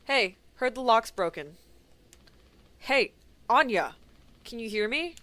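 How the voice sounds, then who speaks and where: A woman voicing a stern, tense male co-pilot who talks in a clipped, forceful way. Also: a little high, expressive, slow, no room sound.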